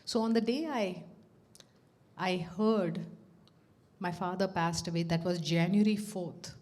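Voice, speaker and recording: Speaking a little slowly in a lowish voice, a middle-aged woman shares a personal story at a devotional gathering. She's lively, laughs frequently, and performs the dialogue she quotes.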